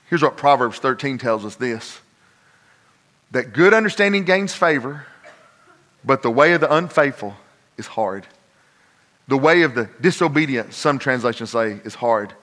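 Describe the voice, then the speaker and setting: Folksy pastor preaching in a hall. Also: male voice, mid-range voice. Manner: folksy, builds to loud emphatic peaks. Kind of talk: sermon. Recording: long hall reverb.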